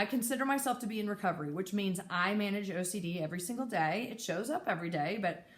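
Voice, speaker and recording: A woman hosting her own channel and talking candidly to camera, frank and animated, laughing often and acting out anxious inner voices. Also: fairly low pitch. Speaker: mental health advocate and video host. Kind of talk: candid solo talk to camera.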